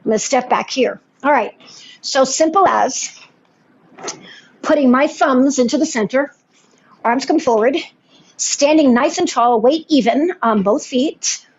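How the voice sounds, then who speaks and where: A woman's voice: sits high, darkish tone, husky, highs cut off. A woman Pilates instructor giving a live class and cueing each movement while she does it, encouraging throughout.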